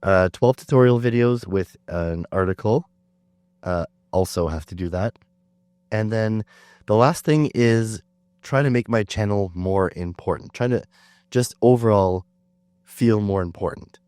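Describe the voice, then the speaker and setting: A Canadian man hosting a casual podcast while sick, chatting in a relaxed, self-deprecating way with plenty of fillers. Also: on the low side, a little slow, smooth, dry recording. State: sick, under the weather. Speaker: podcast host. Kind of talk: casual chat.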